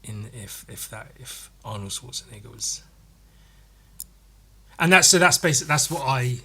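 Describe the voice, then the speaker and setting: A man's voice: mid-range voice, expressive, measured pace, sharp tone, breathy edge. A man hosting a solo comedy podcast, rambling and meandering, often stumbling and repeating words as he goes. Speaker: podcast host.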